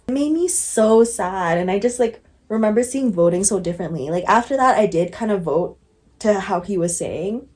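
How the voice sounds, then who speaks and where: A woman's voice: medium pitch, expressive, moderate pace, darkish tone. Candid young woman vlogging, laughing often. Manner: candid, laughs often, says "like" a lot, swears casually. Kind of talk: casual reflective vlog talk.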